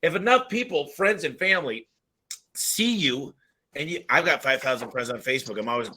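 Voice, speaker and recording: A man talking casually and forcefully on a business roundtable over a video call, punching his points with bursts of emphasis. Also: a little high, brisk, poor audio. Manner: animated, punchy, rising for emphasis. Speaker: home service business owner and podcast regular.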